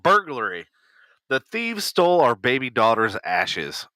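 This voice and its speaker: A man's voice: medium pitch, big pitch swings, unhurried, pushed and bright, dry recording. A man co-hosting a podcast, reading posts aloud in casual chat, swearing freely and laughing along. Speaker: podcast co-host.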